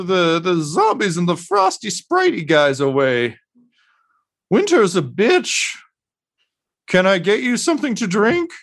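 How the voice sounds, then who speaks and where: A man's voice: high-pitched, voice pushed up, full character voice. Mosifus Dirt, a man doing a worn-out gaunt man. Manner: halting, hesitant, weary. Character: exhausted gaunt man, weary and kind.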